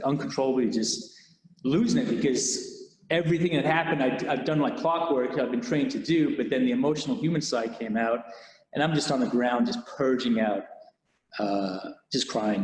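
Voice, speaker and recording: Male officer, mid-pitch, candid storyteller who quotes dialogue, echoey hall. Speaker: police officer. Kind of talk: personal storytelling. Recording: roomy hall reverb.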